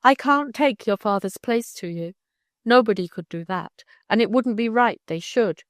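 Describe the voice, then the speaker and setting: A woman reading the part of a kindly older man who gently and earnestly persuades a young girl. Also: a little high, moderate pace, no room sound, studio quality, natural voice. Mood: gentle coaxing. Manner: warm, coaxing, persuasive.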